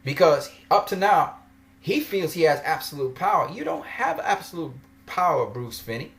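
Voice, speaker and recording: A man delivers a ranting vlog commentary straight to his viewers. He argues and mocks, laughing often, with a voice that swings widely in pitch. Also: sing-song, moderate pace, vocal fry, fairly bright tone. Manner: argumentative, mocking, laughs often. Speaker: vlogger.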